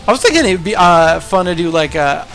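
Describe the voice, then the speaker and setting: A man commentates a gaming tournament stream in a loose, jokey, rambling way. His voice is fairly high and gravelly with fry, and faint music plays underneath. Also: very animated, quick pace, a bit bright. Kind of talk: casual livestream commentary.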